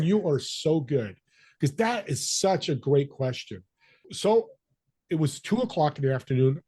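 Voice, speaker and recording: A husky-voiced man tells a story as a podcast guest, switching into the voices of the people he quotes. His pitch sits in an ordinary middle range. The sound is dry and close, with no room around it. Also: a little mellow, no room sound. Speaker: podcast guest, business connector. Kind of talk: storytelling interview talk.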